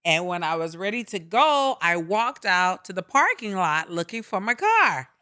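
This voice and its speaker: A woman, telling a funny story in a lively, joking way in casual talk. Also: fairly low pitch, moderate pace. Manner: lively, bright storyteller who laughs and jokes. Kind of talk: casual chat.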